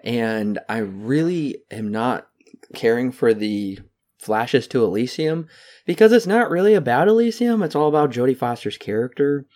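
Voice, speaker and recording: A man co-hosting a podcast, chatting casually about a movie and mocking scenes with quick put-on voices. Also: mid-range voice, big pitch swings, a little mellow. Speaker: podcast co-host. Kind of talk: casual movie review chat.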